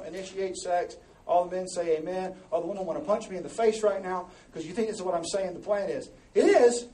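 A high-voiced male pastor preaching in a big echoey church hall, heard from a little way off the mic. He delivers the sermon in an animated, joking way, teasing the crowd between readings of scripture. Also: far from the mic.

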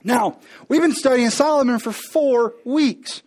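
A preacher man with a high voice tells the story with playful humor. He slips into the characters as he goes and speaks right to the congregation. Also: unhurried, darkish tone. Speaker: pastor. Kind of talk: comedic sermon storytelling.

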